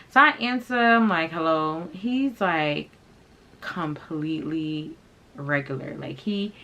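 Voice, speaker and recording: Woman vlogger, deep fry-edged voice, casual storytime, blunt and foul-mouthed. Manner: blunt, profane, animated, heavy use of "like". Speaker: fashion channel vlogger.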